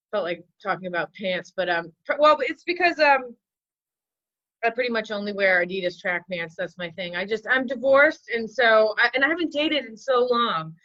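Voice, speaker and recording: A woman in her forties, a comedian rambling through self-mocking stand-up bits with a deadpan delivery. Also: medium pitch, dry recording, dull audio. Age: 40s.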